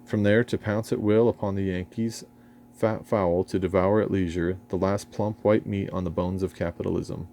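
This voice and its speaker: A man's voice: sits low, fairly even intonation, normal speed, vocal fry, mellow, a little hiss or hum. An English man reading his own memoir aloud in a dry, ironic, erudite manner, sometimes stumbling over a word. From England. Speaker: memoir narrator.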